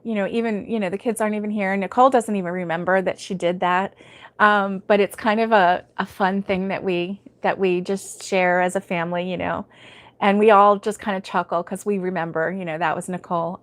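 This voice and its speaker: A middle-aged woman hosting a live crochet stream, chatting casually, laughing often and reading out viewer comments. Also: mid-range voice.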